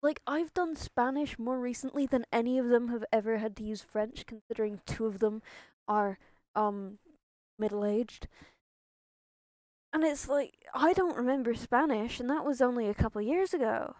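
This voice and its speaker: A woman's voice: on the high side, normal speed, darkish tone, no echo. A young woman streaming a game, chatting in a rambling way, swearing and laughing often. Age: young adult. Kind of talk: casual gameplay chatter.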